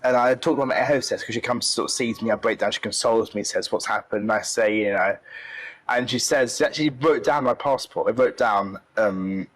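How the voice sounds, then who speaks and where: A man's voice: medium pitch, fairly quick, low-quality recording. A young man from the UK telling an interviewer an upsetting travel story, emotional and often repeating himself. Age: young adult. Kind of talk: casual storytelling.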